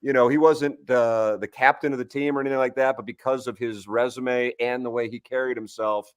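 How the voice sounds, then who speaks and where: A man in his forties, a guest on a sports talk show, spins long, rambling anecdotes full of restarts and asides. His voice sits at an ordinary middle pitch, and the sound is close and dry with no room echo. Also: steady tone, brisk, smooth. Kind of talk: casual sports talk, storytelling.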